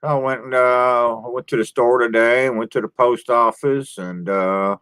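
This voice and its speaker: A laid-back man chatting on his own live stream, welcoming viewers by name. His talk is homespun and unhurried, broken by easy sighs as he rambles about his day. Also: mid-range voice, fairly even intonation, fairly bright tone, clean tone. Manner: homespun rural speech. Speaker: livestream host. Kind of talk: casual live-stream chat greeting viewers.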